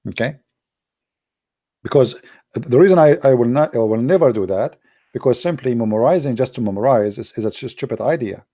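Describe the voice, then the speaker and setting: A man with an Arabic accent telling stories in broken English, speaking Arabic as his first language, and jumping up high and excited for his punchlines. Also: brisk. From Arab world. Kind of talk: animated storytelling monologue.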